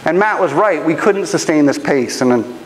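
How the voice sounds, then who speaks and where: A man preaching a sermon, telling a personal story in an animated, humorous way. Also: fairly high pitch, moderate pace, big-room sound, a little hiss or hum, low-quality recording. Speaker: pastor. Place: church auditorium.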